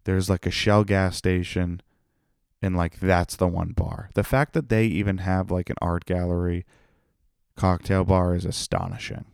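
A man's voice: low-pitched, flat delivery, measured pace, gravelly, darkish tone, smooth, no echo, clean studio sound. A comedian hosting his own podcast, rambling and profane in a tired, self-mocking solo monologue. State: tired, yawning.

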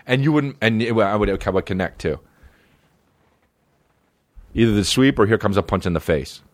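A man's voice: fairly low pitch, expressive, moderate pace, no echo. A man riffing in a casual comedic monologue, rambling and profane, breaking into silly put-on voices. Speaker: comedian podcast host.

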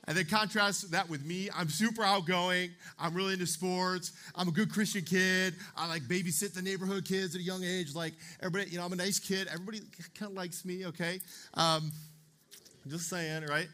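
A man's voice: high-pitched, sharp tone. A young man preaching a youth sermon in a chatty way, checking in with "okay?" and "right?" as he talks. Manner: chatty, keeps asking the room "okay?" and "right?". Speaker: youth pastor.

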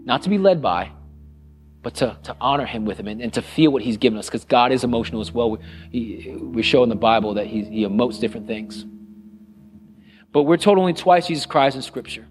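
A middle-aged man preaching a sermon as pastor, earnest and conversational, repeating phrases and dropping to a hush on solemn lines. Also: mid-range voice, lively intonation, fairly quick, soft background music. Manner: drops to a hushed voice on solemn lines.

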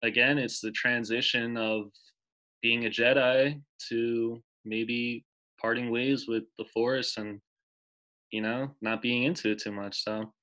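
A man's voice: medium pitch, flat delivery, takes it slowly, sharp tone, low-quality recording. A man in his twenties co-hosting a casual podcast chat, enthusiastic and emotional, rambling with restarts. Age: 20s. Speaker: podcast co-host.

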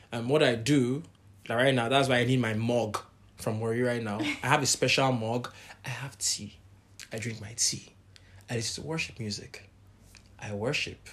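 A man talking candidly in a casual faith podcast chat, growing animated when he quotes others. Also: mid-range voice. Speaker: podcast co-host.

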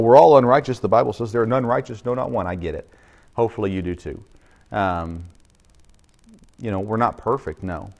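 A middle-aged man, a pastor, preaching a sermon in a conversational way, with frequent fillers and restarts. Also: lowish voice.

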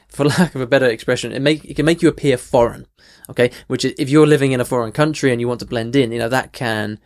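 Earnest podcast host man. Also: mid-range voice. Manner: earnest, many restarts, emphatic rises. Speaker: podcast host and language coach. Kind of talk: podcast answering a listener question.

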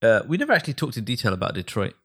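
A man's voice: mid-range voice, wildly swooping pitch, very fast, fairly bright tone, slightly rough. A young man co-hosting a podcast, chatting casually with sarcasm and swearing. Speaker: podcast co-host.

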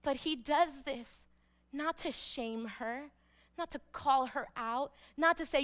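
A woman pastor preaching a sermon, emphatic, repeating key phrases and dropping to a hush for weight. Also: sits high, takes it slowly.

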